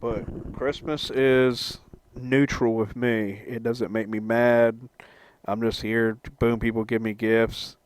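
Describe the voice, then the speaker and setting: A man's voice: medium pitch, level tone, slow, smooth. A young man rambling and stammering as he answers chat on a live stream, swearing freely and laughing at his own jokes. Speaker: livestreamer reading chat.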